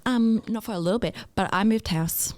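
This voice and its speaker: A woman's voice: medium pitch, a little fast, darkish tone, no echo. A woman co-hosting a fitness podcast, chatting casually in a playful, teasing way. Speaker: podcast co-host, fitness coach. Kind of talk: casual chat.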